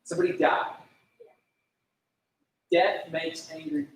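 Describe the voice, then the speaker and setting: A man's voice: takes it slowly, a little hiss or hum. Man, youth pastor, casual sermon, chatty with lots of "like", distant mic, big echoey room. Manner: conversational, lots of "like", acts out prayers in voices.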